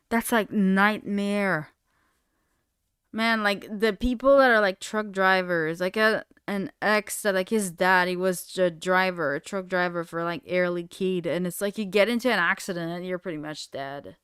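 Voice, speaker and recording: A woman's voice: mid-range voice, fairly bright tone, clean tone, dry recording. Young woman streamer, rambly and casual, lots of "like", very clean dry sound. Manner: rambling, heavy use of "like", casual swearing. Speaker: live streamer. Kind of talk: casual late-night livestream chat.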